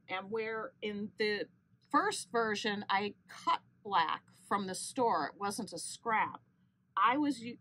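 A woman walks through a quilting tutorial at a slow, patient pace. Her voice sits at an ordinary middle pitch, and she fixes small slips as she goes. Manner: steady step-by-step explaining with small self-corrections. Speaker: quilting channel host. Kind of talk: unscripted sewing tutorial.

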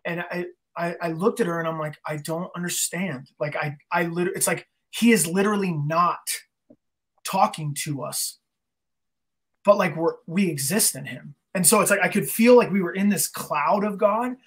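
A man's voice: high voice, moderate pace. A man guest in a casual interview, telling an emotional story earnestly, often restarting his sentences. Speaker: guest, band singer.

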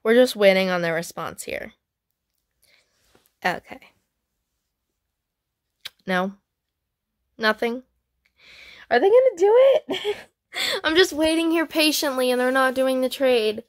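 A woman hosting a gaming channel, chatting excitedly as she trades in a game, with frequent gasps and squeals. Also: high voice, slow pace, pauses often, dry recording, studio quality. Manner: chatty, talks to viewers and other players. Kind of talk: playing a trading game while commenting casually.

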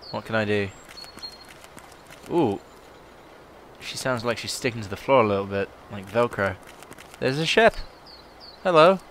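A man's voice: fairly low pitch, animated, unhurried, pauses often, a bit bright, a little hiss or hum. A man chatting playfully while playing a game, reading characters aloud in put-on voices.

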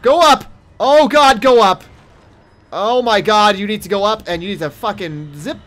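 A young man giving let's play commentary on a horror game, jumpy and profane, yelling at monsters and taunting them. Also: sits high, moderate pace. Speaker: gaming streamer.

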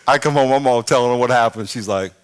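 A middle-aged man preaching a sermon as pastor, telling a story with shouted sound effects and playful, self-mocking humor. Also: mid-range voice. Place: large church.

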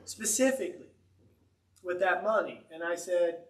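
A man, a pastor, telling a story in a sermon with an animated, conversational, humorous delivery in a church. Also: high-pitched, normal speed, roomy sound, far from the mic. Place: church sanctuary.

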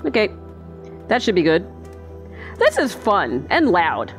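A woman narrating her own gameplay in a chatty, goofy let's play style, her pitch swinging in lively leaps. She talks at an unhurried, drawn-out pace into a desk mic, with faint game music behind her. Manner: chatty, goofy, talks to herself while playing. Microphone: desk microphone.

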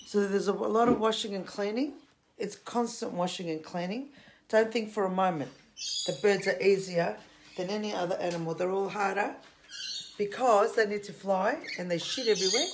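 A woman's voice: medium pitch, moderate pace. Woman filming herself on a phone, plain outspoken chat, squawking birds and noise behind. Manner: chatty, blunt, scolding, coos at her birds. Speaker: vlogger. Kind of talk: casual talk to camera. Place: home with a bird deck, indoors. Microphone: handheld phone camera. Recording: noisy home with squawking birds.

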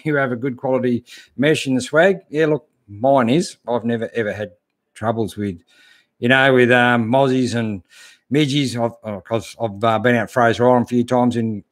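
A man in his fifties with an Australian accent, hosting a casual live stream and answering viewer comments in a relaxed way, with lots of fillers. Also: mid-range voice. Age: 50s. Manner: easygoing, lots of fillers and "mate". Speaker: channel host reading live chat.

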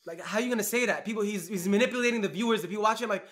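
A man's voice: high-pitched, very fast, fairly bright tone. A man co-hosting a podcast, talking in a heated, mocking way and telling stories with lots of animation. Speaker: podcast co-host. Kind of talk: casual podcast chat.

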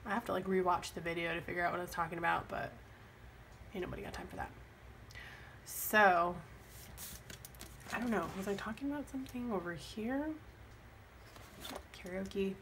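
Woman, young adult, rambling, self-deprecating, bright voice, faint background hum. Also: mid-range voice, moderate pace, long pauses. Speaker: planner vlogger. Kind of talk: casual chat while planning.

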